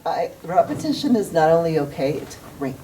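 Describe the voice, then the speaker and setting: A woman's voice: low-pitched, big pitch swings, fairly quick, mellow, a little hiss or hum. A woman educator reassuring parents in a casual, encouraging and playful way. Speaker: school educator. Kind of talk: casual group discussion. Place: school meeting room. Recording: voice picked up from a distance.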